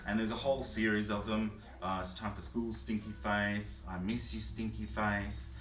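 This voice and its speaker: A man, a children's author, chatting casually about favourite picture books with a relaxed, hesitant manner. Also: on the low side, moderate pace. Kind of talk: casual book chat and read-aloud. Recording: roomy distant mic, faint hum.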